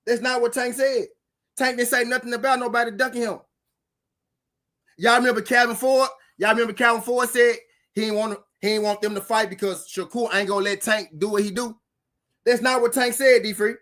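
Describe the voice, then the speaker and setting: Speaking a little fast in a very high-pitched, steady, fairly bright voice, a man runs a boxing commentary channel. His casual reaction rant is heated and profane, he repeats himself, and he talks right to his viewers.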